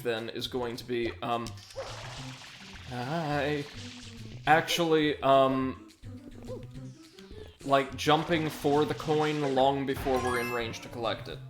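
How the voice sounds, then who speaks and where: A man's voice: medium pitch, a bit bright. A young man casually commenting on a video game while reading viewer messages aloud. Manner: rambling, chatty, reads chat aloud. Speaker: livestream gamer.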